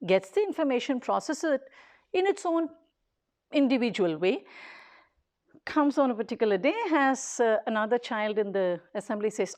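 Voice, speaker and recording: A woman with a high voice gives an earnest public talk. She speaks in short, emphatic phrases and repeats key points as she builds her case. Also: lively intonation, normal speed, darkish tone. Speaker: daycare leader.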